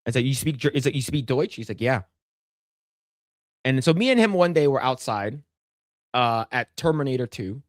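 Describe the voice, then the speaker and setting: A man co-hosting a casual livestream, spinning a long anecdote in loose, profane talk. He stumbles and restarts often, and his voice sits at an ordinary middle pitch. The sound is dry and close, with no room around it. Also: expressive, normal speed, pauses often, no echo. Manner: rambling, profane storytelling with many restarts. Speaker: podcast co-host.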